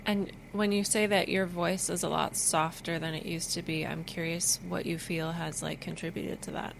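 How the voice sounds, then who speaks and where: A woman hosting a podcast interview over a video call, reflective and affirming with soft murmurs. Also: lowish voice, flat delivery, normal speed, gravelly, slight background noise. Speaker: podcast host.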